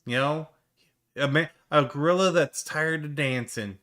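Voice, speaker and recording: A man's voice: fairly high pitch, unhurried, fairly bright tone. A man giving sarcastic, mocking reaction commentary on a stream clip, swearing freely.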